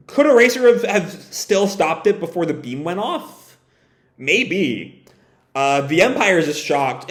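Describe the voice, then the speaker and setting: Male manga reaction host, slightly high voice, reads character lines with energy, swears casually, echoey room. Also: fairly bright tone. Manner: reads dialogue aloud with raised pitch, swears casually. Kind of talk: live manga reading and reaction.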